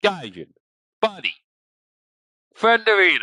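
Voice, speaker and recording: A young man talks to his stream chat while playing, his pitch swinging widely as he gets exasperated. His voice is bright and forward, recorded close and dry with no room sound. He speaks at an unhurried pace between bursts. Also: very animated, no room sound. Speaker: gaming streamer. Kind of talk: casual live game chat.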